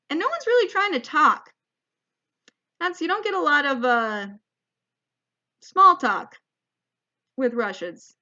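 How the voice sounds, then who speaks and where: A woman's voice: sits high, sharp tone, muffled recording. A young woman, a comedian, telling a rambling, self-deprecating travel story as a vlog monologue. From United States. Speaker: comedian vlogger.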